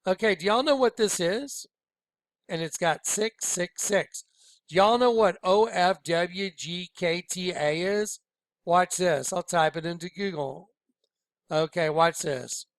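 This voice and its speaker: A man's voice: high voice, slow pace, no room sound. Urgent preachy man with a dry voice. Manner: urgent, preachy, jumps between loud and hushed. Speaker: video host. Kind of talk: conspiratorial commentary on images.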